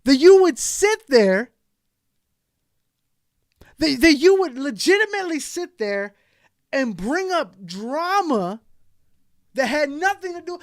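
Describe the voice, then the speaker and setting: A man hosting a commentary channel, ranting in a heated, exasperated way that swings from shouting to quiet muttering. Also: high voice, lively intonation, a little slow, no room sound, studio quality. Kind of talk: reaction commentary rant.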